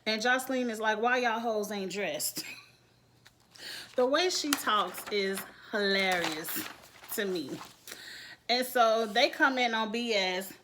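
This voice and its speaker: A woman reviewing a TV episode in a casual vlog, retelling scenes in an animated, blunt, slangy way and laughing often. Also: fairly high pitch, slow pace, long pauses, noisy background. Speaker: TV show reviewer.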